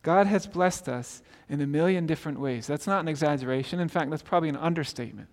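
High-voiced male pastor in a reverberant hall. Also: fast, a little mellow. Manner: conversational, repeats "right?" and restarts words. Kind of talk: sermon.

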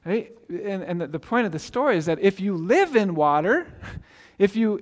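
A man with a high voice preaches a sermon in a loose, conversational way. He keeps checking in with "right?" and trips over his first words. A long reverb hangs on his voice. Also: very animated, normal speed. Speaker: pastor.

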